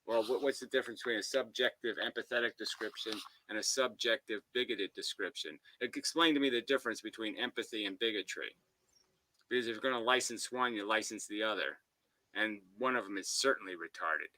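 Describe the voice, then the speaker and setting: Combative male commentator, foul-mouthed and abrasive, piercing bright voice, dry booth-like sound. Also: on the low side, brisk, no echo, low-quality recording. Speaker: commentator reacting to a debate. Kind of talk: ranting philosophical commentary.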